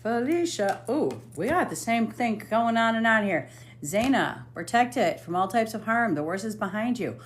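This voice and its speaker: A woman's voice: fairly high pitch, very animated, normal speed, a little hiss or hum. A woman hosting a live stream as a psychic medium, reading cards aloud in casual chat, swearing now and then and humming while she scrolls.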